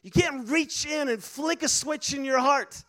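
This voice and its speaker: A man's voice: very high-pitched, unhurried, pushed and bright. A man preaching a sermon, telling a personal story earnestly with many fillers and restarts. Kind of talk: sermon testimony.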